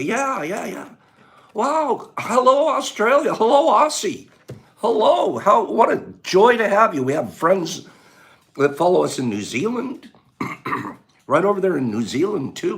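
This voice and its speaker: A man hosting a casual live stream with a scratchy voice, greeting viewers, joking and breaking into laughter. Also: a little high. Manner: animated, bursts of laughter and loud exclamations.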